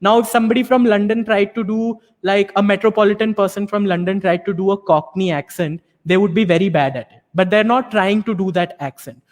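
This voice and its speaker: A man's voice: high voice, brisk, few pauses, big-room sound. A man giving an explanatory advice talk to students and parents, often checking in with rhetorical questions. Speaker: panel speaker on learning English.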